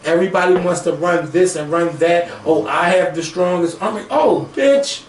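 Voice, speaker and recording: Brief: male co-host, animated and profane, mic at a distance, faint background noise. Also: fairly high pitch, brisk, roomy sound. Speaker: podcast co-host. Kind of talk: casual chat.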